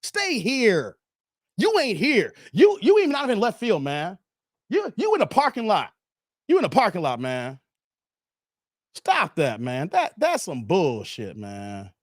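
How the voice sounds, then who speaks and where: Man, thirties, live stream host, ranting, profane, repetitive, high voice, lively pitch, dry sound. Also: measured pace, dry recording. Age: 30s. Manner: blunt, profane, emphatic, repeats himself; swings between loud high bursts and low mutters. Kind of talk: ranting commentary to a live chat.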